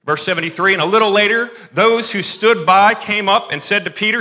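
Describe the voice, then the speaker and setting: A pastor preaching a sermon, reading scripture and breaking off into quick asides and self-corrections. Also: male voice, sits high, bright, forceful tone.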